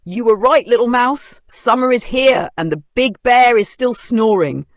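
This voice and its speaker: A narrator voicing a proud, grumpy male lion who talks in a gruff, dismissive way. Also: mid-range voice, big pitch swings, moderate pace, no echo, clean studio sound, pitched above the performer's own voice. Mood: amused.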